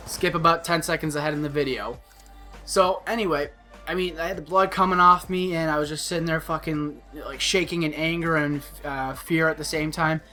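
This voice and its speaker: Young guy vlogging a story, bright voice, swears a bunch, bit of music behind. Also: fairly high pitch. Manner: animated, swears a lot, frequent restarts. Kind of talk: casual storytelling.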